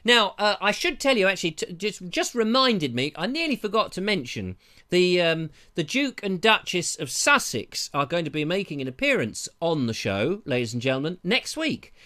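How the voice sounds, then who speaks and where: Man, live show host, casual rambling chat, self-interrupting, bright voice, lavalier mic. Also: sits high, big pitch swings, normal speed.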